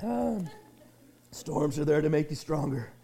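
A man preaching a sermon as pastor of a small church, folksy and rambling, with many restarts and shouted refrains. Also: fairly high pitch, animated, measured pace, vocal fry.

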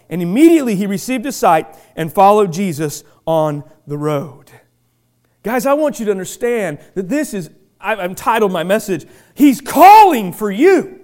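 A man preaching a sermon as pastor, with frequent restarts and repeated words, building to loud emphatic shouting. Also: very high-pitched, very animated, moderate pace.

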